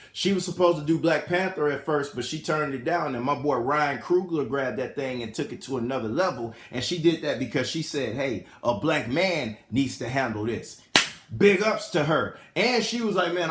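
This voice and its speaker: Man, vlog commentary, high lively voice, slangy, repeats himself, echoey room at home. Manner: animated, talks to his viewers and chat directly. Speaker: vlogger.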